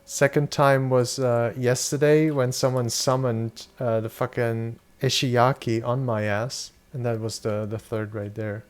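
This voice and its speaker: A man's voice: medium pitch, fairly even intonation, a little slow, hardly any pauses. A young German man chatting loosely with his viewers while playing a game, swearing casually and answering chat questions. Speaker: streamer. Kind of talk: casual live-stream chat.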